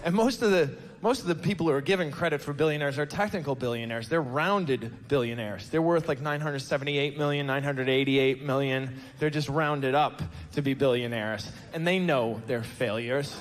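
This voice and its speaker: A man doing a stand-up comedy set on a club stage, deadpan and self-deprecating, slipping into mock quotes. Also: mid-range voice, normal speed, few pauses. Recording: club stage with long reverb, faint noise.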